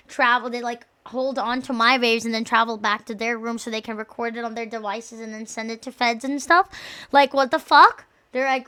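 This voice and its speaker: Bright high-voiced woman rambling on stream. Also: clear, resonant tone. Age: young adult. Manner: rambling, joking, filler-heavy. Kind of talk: casual stream chat.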